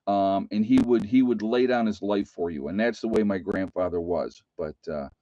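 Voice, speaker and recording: A man's voice: on the low side, normal speed, warm tone, highs cut off. A middle-aged man telling a personal story to his viewers in a loose, rambling way, often restarting his sentences. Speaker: vlogger. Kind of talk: casual storytelling to camera.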